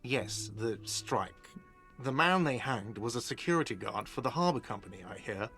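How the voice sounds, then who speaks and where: A whiny cafeteria manager. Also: male voice, medium pitch, animated, moderate pace, fairly bright tone, faint music behind. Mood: defensive. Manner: defensive, whiny, impatient.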